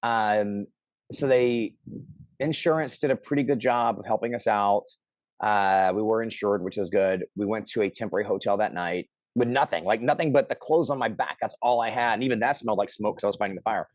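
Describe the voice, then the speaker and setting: A middle-aged man telling a personal story in casual conversation, animated and shouting out the lines he quotes. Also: on the low side, brisk, no echo. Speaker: interview guest.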